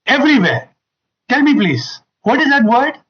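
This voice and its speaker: A family seminar speaker gives an emphatic talk to an audience in a high voice that swings widely in pitch. Very animated and moderately paced, he drives key phrases home and acts out the lines he quotes. The recording sounds dull and muffled.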